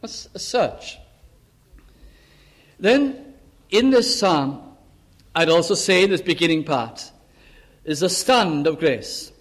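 High-voiced man preaching a sermon. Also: normal speed. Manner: swings from urgent raised pleas to hushed low asides; quotes scripture in old-fashioned wording. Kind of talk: sermon on a psalm.

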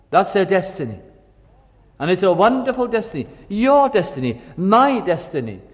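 An older man preaching a sermon, reflective and full of storytelling asides. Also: a little high. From Wales. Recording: dull recording with long hall reverb.

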